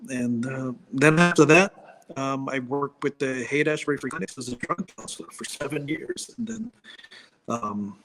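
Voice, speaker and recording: A Filipino American man in his fifties, a comedian guest chatting casually in an interview, who talks in an animated way and laughs easily at his own jokes. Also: a little high.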